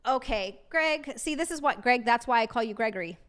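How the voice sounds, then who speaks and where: A woman live streamer chatting casually with her viewers, excitable and giggly, and thanking them by name. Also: fairly high pitch, a little fast.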